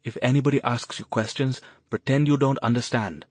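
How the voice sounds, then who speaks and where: A man plays a gruff, tense street drifter who barks short orders. His voice pushes up louder and a little higher than the narration, dry and close. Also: a little fast, no room sound, lightly acted. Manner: curt, urgent orders.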